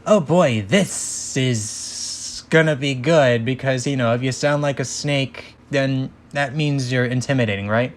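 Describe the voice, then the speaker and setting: A man voicing a small sadistic male bat sidekick with a lisp and a drawn-out, snake-like hiss. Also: mid-range voice, lightly acted. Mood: gleeful. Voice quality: lisping. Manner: drawn-out, snake-like hissing delivery.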